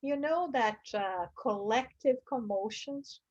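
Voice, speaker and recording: Slow and a little mellow, this woman's voice comes through a muffled recording. She leads a religious study class, earnestly reading and explaining passages, and voices quoted screams in high bursts.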